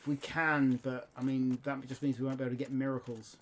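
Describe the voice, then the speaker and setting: A man's voice: mid-range voice, level tone, brisk, slight background noise. A man co-hosting a let's-play, chatting casually and reacting to the game as he plays. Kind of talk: casual gameplay commentary.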